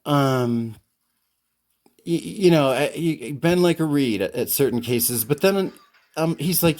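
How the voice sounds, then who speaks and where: A man's voice: mid-range voice, lively intonation, normal speed, darkish tone. A man telling a long, indignant story in a casual vlog, acting out both sides of an argument with lots of fillers and restarts. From United States. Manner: indignant, retells arguments with quoted voices, many fillers and restarts. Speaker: comic collector vlogger.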